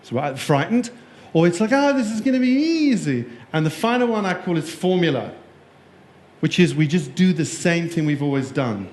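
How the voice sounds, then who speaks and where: A man's voice: a little high, animated, normal speed, darkish tone. A man giving a conference keynote, jokey and playful, quizzing the live audience in the room. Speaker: keynote speaker. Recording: echoey room.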